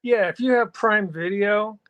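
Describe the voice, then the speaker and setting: A man's voice: high voice, a little slow, highs cut off. A man co-hosting a casual podcast over a video call, speaking in an easygoing way. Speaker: podcast co-host.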